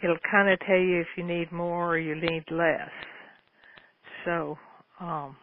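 A woman's voice: on the low side, fairly even intonation, slow pace. A woman hosting a call-in advice show, talking in a homey, folksy, meandering way. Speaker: radio show host answering listener questions. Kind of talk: casual call-in advice talk. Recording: phone-like lo-fi radio with faint noise.

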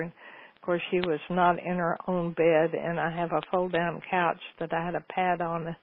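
A woman's voice: fairly low pitch, level tone, moderate pace. A woman hosting a call-in advice show, talking in a homey, folksy, meandering way. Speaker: radio show host answering listener questions. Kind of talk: casual call-in advice talk. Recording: phone-like lo-fi radio with faint noise.

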